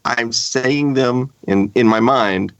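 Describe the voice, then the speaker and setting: A man's voice: medium pitch, slow pace, no room sound, dull audio. A man chatting as a guest on a roundtable podcast, hesitant and stammering as he starts his thoughts. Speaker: podcast guest, video creator. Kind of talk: casual roundtable chat.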